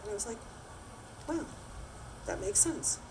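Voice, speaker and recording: A woman's voice: a little high, expressive, unhurried, a little mellow, breathy edge, poor audio. A woman telling a personal story on stage at a community storytelling night, earnest and reflective. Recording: audible background hiss.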